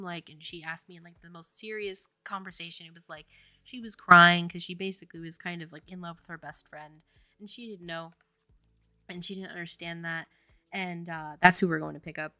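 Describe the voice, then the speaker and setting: Bright-voiced chatty woman streamer. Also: fairly low pitch, moderate pace, no echo. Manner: chatty, laughing often, many fillers. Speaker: game developer streaming. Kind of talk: casual chat.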